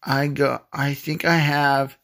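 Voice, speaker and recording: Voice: medium pitch, level tone, slow, a bit bright. A player giving casual gameplay commentary who stumbles over reading words aloud, swears casually and keeps breaking into laughing coughs. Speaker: gamer playing a search-guessing game.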